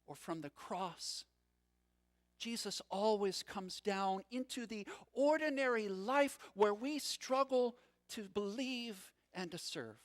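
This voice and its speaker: A man preaching a sermon as a first-person story, dramatic, swinging from loud passages to hushed, low ones. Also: animated, slow pace. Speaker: pastor.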